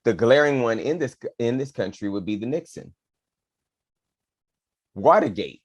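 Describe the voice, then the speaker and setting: A man's voice: mid-range voice, animated, measured pace, no echo. A man co-hosting a podcast, casually and animatedly talking politics with playful asides to his co-host.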